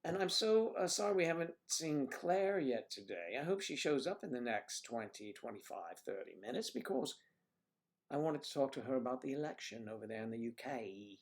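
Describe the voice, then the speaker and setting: A man's voice: medium pitch, sing-song, moderate pace. A man hosting a casual livestream, chatting and telling rambling stories. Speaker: livestream host.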